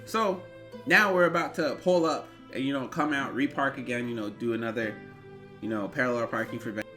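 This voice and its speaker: A man in his twenties telling an animated, rambling story in a storytime vlog. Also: medium pitch, fairly quick, soft background music. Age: 20s. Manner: animated, rambling, bursts into yelps. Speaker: vlogger.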